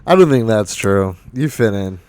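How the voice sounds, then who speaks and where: A man's voice: fairly low pitch, animated, moderate pace, darkish tone, clear, resonant tone, dry recording. A young adult man hosting a podcast, laid-back and encouraging, giving short agreeing replies in casual chat. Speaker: podcast host.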